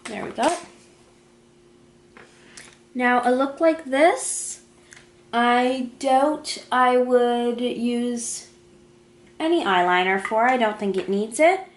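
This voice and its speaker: A woman with a slightly high voice narrates her makeup tutorial in a relaxed, chatty way, talking through every step as she works. Her voice bounces around a roomy, echoey space. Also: slow, long pauses, a little hiss or hum. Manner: chatty, talks through each step while applying makeup. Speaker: beauty vlogger. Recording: echoey room.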